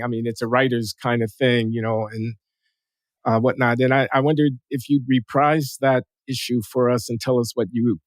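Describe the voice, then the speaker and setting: Male host, measured, deliberate, hesitant, mid pitch, dry close sound. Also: dry recording. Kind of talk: conversational discussion.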